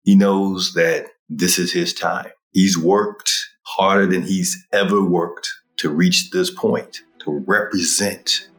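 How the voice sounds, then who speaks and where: A man playing a tabletop game, deliberately narrating what his character feels. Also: deep voice, steady tone. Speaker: player. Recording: roomy echo.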